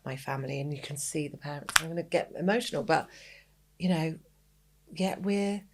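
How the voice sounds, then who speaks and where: Low-voiced woman hosting a podcast. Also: moderate pace, background noise. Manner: earnest, reflective storytelling. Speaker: podcast host. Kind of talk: casual podcast conversation.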